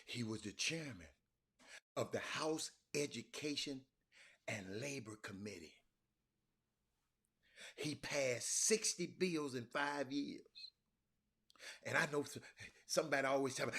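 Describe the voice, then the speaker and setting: Speaking from a hotel room, a man hosts a casual livestream talk show, telling stories animatedly while repeating and restarting words. He keeps addressing his viewers as y'all, and his husky, mid-range voice moves unhurriedly with long pauses.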